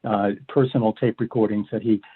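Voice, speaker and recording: An older man, a law professor, explaining cases in an interview in a measured way, often pausing to restart. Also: fairly low pitch, fairly even intonation, slightly rough. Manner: measured, many fillers and restarts. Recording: phone-like line.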